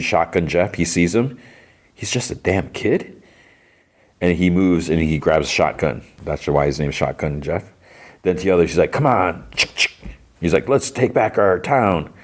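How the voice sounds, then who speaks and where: A deep-voiced man retells a TV episode for his podcast in a loose, rambling way. He piles on fillers and restarts and drops quoted lines into the story as he goes. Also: darkish tone. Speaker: podcast host. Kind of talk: casual episode recap.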